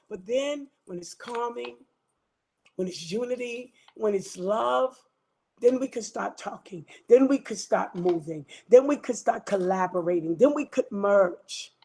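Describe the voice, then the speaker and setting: A woman's voice: fairly high pitch, expressive, moderate pace, darkish tone. A woman pastor, preaching and praying in rhythmic, repeated declarations. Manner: exhorting, repetitive, rhythmic declarations. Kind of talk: preaching talk and prayer.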